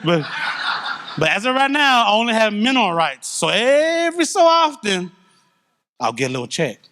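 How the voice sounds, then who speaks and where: A middle-aged man speaks to his congregation in a fairly high voice. He gives a candid, lively testimony and talks to the room as if among friends. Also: fairly quick. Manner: candid, conversational, animated storytelling. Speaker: church speaker giving testimony. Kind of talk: testimony in a church service.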